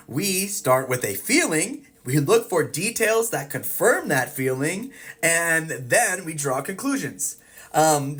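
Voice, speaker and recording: With a mid-range, fairly bright voice, a therapist walks through a psychology topic in an educational explainer video. Everyday examples illustrate it, and she voices what the people in them are thinking.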